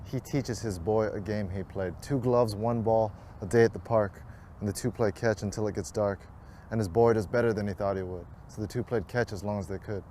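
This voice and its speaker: Low-voiced man reciting a rhymed ad. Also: steady tone, mellow, slight background noise. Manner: measured, poetic cadence. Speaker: ad narrator. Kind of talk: rhymed spoken-word ad.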